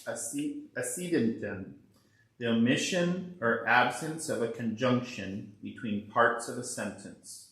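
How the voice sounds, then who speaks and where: A man in a class reading a definition aloud, halting and hesitant over difficult words. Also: mid-range voice, fairly bright tone. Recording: roomy echo, away from the mic.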